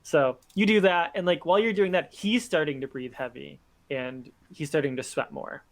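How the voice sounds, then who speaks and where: A man's voice: on the high side, normal speed. A young man narrating as game master in casual talk, full of filler words.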